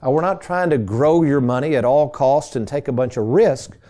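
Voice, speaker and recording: A middle-aged man talks into a studio microphone as a radio host. His voice is mellow and warm, and he sits at an ordinary pitch for a man. He tells stories in a folksy, chatty way and calls his listeners folks. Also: normal speed. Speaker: radio show host and financial advisor. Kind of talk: casual storytelling radio talk.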